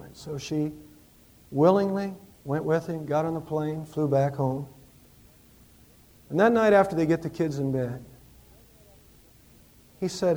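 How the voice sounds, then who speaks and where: A man preaching a Christmas sermon in a church, with impassioned rises and hushed storytelling. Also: a little high, measured pace, pauses often. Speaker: pastor.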